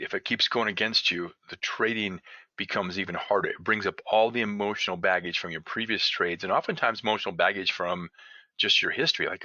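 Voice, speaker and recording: A man's voice: fairly low pitch, bright, forceful tone, no echo, highs cut off. A man teaching day trading in a live webinar, talking conversationally and asking the audience rhetorical questions.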